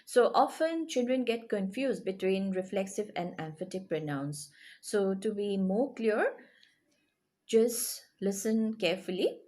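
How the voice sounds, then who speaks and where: A woman's voice: mid-range voice, lively intonation, measured pace, a little mellow. A woman teaching a grammar lesson to children, explaining patiently and checking in with questions. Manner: explains patiently, checks in with rising "yes?" and "okay?".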